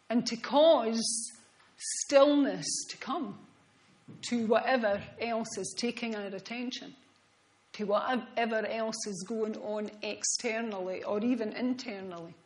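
A woman preaching a sermon in an earnest, reflective way, often dropping to soft, hushed tones. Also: on the high side, slow, poor audio.

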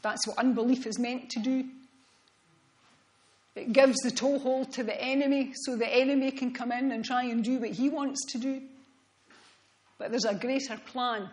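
A woman preaching a sermon in an earnest, reflective way, often dropping to soft, hushed tones. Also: on the high side, fairly even intonation, normal speed, pauses often, low-quality recording.

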